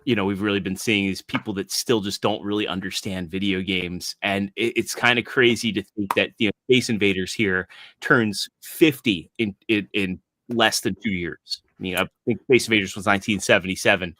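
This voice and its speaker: A man's voice: fairly low pitch, steady tone, normal speed, bright, forceful tone, dry recording. A man in his thirties co-hosting a podcast, chatting casually with lots of asides while watching a documentary. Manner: chatty, full of asides and restarts. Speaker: podcast co-host.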